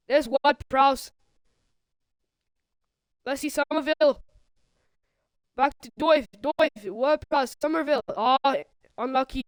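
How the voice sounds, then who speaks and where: A woman streaming play-by-play commentary on a football video game, calling out players and breaking into sudden excited outbursts. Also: high voice, slow pace, long pauses, clear, resonant tone, dry recording, poor audio. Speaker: livestream commentator.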